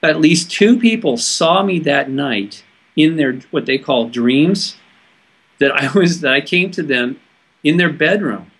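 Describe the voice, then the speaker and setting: A man from California with a somewhat high, husky voice recounts a personal experience to an interviewer. He talks earnestly and haltingly, often breaking off and restarting his sentences. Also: lively intonation, fairly bright tone. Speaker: interview guest. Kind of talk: personal storytelling in conversation.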